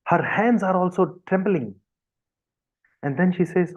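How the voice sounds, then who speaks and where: A man's voice: sits high, unhurried, pauses often, dull audio. A man retelling a devotional story in an earnest, vivid, repetitive way over a video call.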